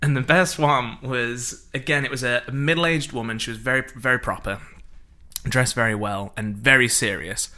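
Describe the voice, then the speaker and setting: Bright-voiced man telling stories. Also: medium pitch, steady tone, moderate pace. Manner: laughs often while telling stories. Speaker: podcast co-host. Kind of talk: casual chat.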